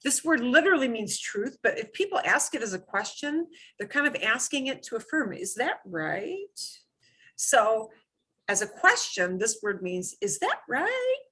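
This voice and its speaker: A woman's voice: fairly high pitch, animated, normal speed, bright, forceful tone, breathy edge. A woman teaching a beginners' Spanish class, explaining pronunciation patiently and repeating words for students to echo.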